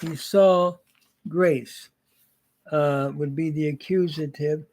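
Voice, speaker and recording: Older man, slow grammar lesson, fairly high voice, paused drilling with fillers. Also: steady tone, darkish tone. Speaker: Greek teacher.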